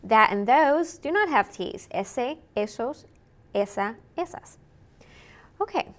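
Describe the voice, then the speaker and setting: Slow, lively-voiced woman teaching Spanish. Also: fairly high pitch. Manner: slow, clear modeling of phrases for repetition; explains in English, switches into Spanish examples. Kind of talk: recorded language lesson.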